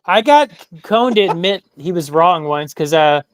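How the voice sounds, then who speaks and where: Male guest, chatty, higher and smooth-toned, dry close sound. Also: expressive, no echo. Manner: chatty, quick to laugh. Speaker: guest panelist. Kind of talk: casual panel chat.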